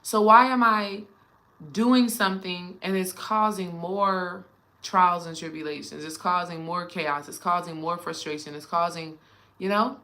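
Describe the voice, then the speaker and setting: A woman's voice: fairly low pitch, fairly even intonation, measured pace, bright, forceful tone. A woman spiritual coach talking casually and animatedly to her viewers, addressing them directly.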